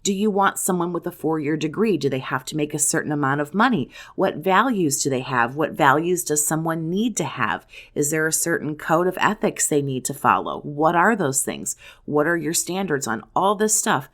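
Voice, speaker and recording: Blunt, low-voiced woman giving advice. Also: lively intonation. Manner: blunt, profane, rapid rhetorical questions. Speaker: self-help video host. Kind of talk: direct-to-camera advice talk.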